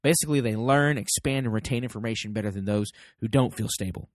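A man's voice: lowish voice, fast, no room sound, clean studio sound. An American man hosting a parenting podcast, giving an emphatic motivational talk to his listeners and acting out both sides of little everyday dialogues. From United States.

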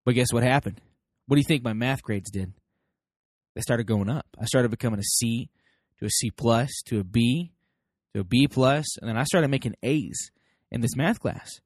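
A man hosting a casual parenting talk, folksy and animated, acting out quoted voices as he speaks. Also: medium pitch, normal speed, dry recording, studio quality. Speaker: parenting podcast host.

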